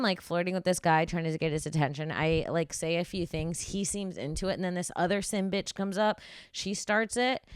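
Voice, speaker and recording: Low-voiced woman in her 30s, stand-up comic rambling on her podcast, swears a lot, dry close mic. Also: smooth, no room sound. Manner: rambling, profane, confessional. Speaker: stand-up comedian hosting a podcast. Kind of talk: casual comedic monologue. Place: podcast studio.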